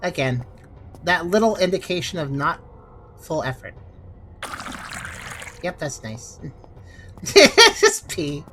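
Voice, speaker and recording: A woman's voice: lowish voice, sing-song, slow, long pauses, fairly bright tone, a little hiss or hum. A woman giving casual, sarcastic commentary while playing a video game. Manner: sarcastic, critical. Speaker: let's play host.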